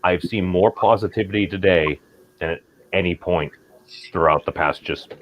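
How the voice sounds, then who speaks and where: A man's voice: deep voice, normal speed, dull audio, a little hiss or hum. A man from Massachusetts, chatting casually on a group stream, rambling with many fillers and restarts.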